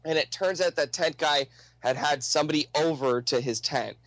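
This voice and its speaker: Bright-voiced man telling a profane story. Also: fairly high pitch, moderate pace, no room sound, rough recording. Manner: profane, animated anecdote telling. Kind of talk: casual storytelling.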